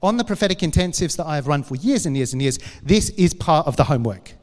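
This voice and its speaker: Casting: higher-voiced man, church class teacher, playful and chatty, big hall reverb. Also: expressive, fast talker, darkish tone. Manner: playful, joking, chatty with audience.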